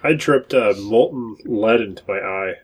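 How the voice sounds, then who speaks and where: A man in casual conversation, telling a plumbing story with wry, deadpan humor. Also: lowish voice, measured pace, husky, rough recording. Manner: wry, deadpan one-liners. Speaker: guest engineer. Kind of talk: casual chat.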